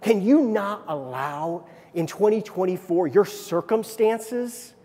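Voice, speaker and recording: Male pastor with a high voice, preaching with dynamic hushed-to-emphatic swings; hall reverb. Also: lively intonation, slow. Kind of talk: sermon.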